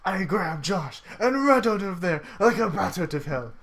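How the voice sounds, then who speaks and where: A casual, loose reader working through a homemade adventure story for friends, at a middle pitch. They swear, joke, and stumble over the writing as they go. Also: sing-song, normal speed, fairly bright tone, slight background noise. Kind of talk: casual reading aloud of a story among friends.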